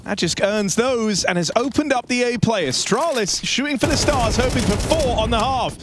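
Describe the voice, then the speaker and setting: A man casting a shooter match as play-by-play commentator, animated and jokey. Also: normal speed. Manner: animated, jokey, pitch jumps up when excited. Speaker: esports caster. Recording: noisy broadcast with game gunfire behind. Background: game gunfire and clicks.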